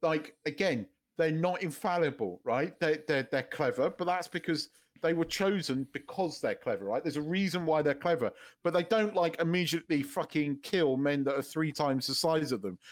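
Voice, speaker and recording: Man, podcast co-host, slightly high voice, casual rambling chat, sweary, laughs a lot. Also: normal speed. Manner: rambling, sweary, laughs often, many restarts.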